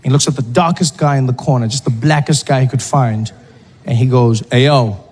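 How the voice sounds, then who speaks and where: A man's voice: mid-range voice, a little fast, a little mellow, slightly rough. A man with a South African accent telling a stand-up story, playful and conversational. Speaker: stand-up comedian. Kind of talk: stand-up comedy. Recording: live stand-up, long reverb.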